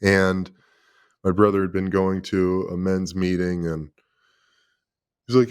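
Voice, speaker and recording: Deep-voiced man telling a candid story. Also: fairly even intonation, slow, pauses often, smooth. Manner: emotional, confessional, swears freely. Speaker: podcast guest, former pro football player.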